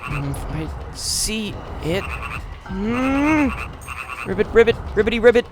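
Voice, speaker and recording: Man doing a high-pitched, lively frog sorceress, croaking chants. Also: slow pace, noisy background, heavily acted. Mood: eccentric. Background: game music.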